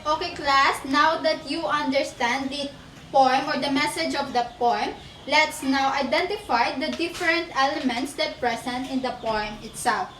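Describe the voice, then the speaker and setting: A woman's voice: high-pitched, moderate pace, fairly bright tone, recorded from a distance. A woman teacher, explaining a poem step by step to a class and counting aloud, in a teaching demonstration. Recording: echoey room, voice off-mic, faint noise.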